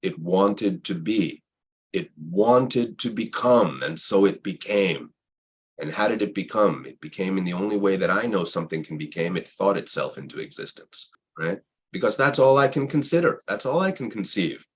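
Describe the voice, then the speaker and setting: A man in a reflective spiritual conversation who repeats phrases and asks himself rhetorical questions, with a husky voice. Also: low-pitched, lively intonation, moderate pace, slight background noise.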